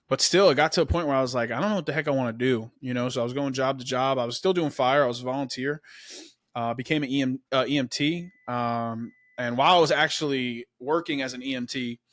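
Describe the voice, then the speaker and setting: A man's voice: medium pitch, a little fast, a bit bright, no room sound, studio quality. A young man hosting a podcast, telling his story in a casual, laid-back way, often saying "man" and "dude". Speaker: podcast host.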